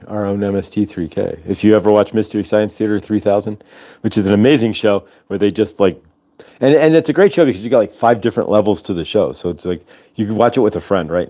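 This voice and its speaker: Chatting loosely on a video call, the livestream host rambles along, his pitch rising and falling with energy.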